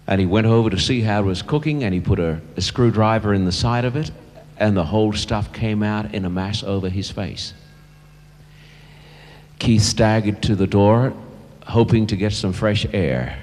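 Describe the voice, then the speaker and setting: Deep-voiced older pastor in a reverberant hall. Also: male voice. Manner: earnest, slows and softens at emotional moments. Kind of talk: sermon storytelling. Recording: long church reverb.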